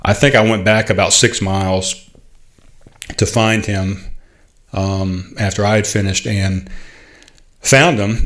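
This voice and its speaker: Low-voiced man telling a story, halting. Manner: halting, many fillers and restarts; heartfelt, proud. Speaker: podcast host. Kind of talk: casual storytelling monologue.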